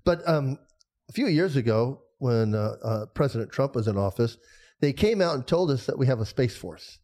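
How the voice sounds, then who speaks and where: A man's voice: mid-range voice, lively intonation, moderate pace, warm tone. A man in a casual discussion, talking earnestly and thinking aloud with fillers.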